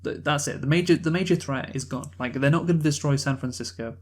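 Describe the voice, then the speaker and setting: A man's voice: a little high, quick pace. A man co-hosting a film review podcast, talking in a rambling, casual way with many fillers and restarts, swearing now and then. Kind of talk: casual chat.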